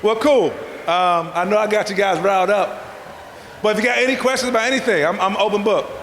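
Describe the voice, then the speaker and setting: High-voiced man preaching in an echoey hall. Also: fairly quick, a little hiss or hum. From Southern United States. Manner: energetic, preacher-like call-and-response with the crowd. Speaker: festival speaker, vegan chef. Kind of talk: motivational talk. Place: large indoor festival hall. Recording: echoey hall with a long reverb tail.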